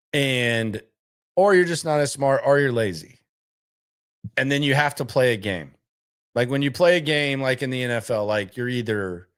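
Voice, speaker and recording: A man hosting a live sports talk stream, emphatic and repetitive, hammering his points home and rambling with restarts and asides. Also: medium pitch. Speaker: sports talk show host.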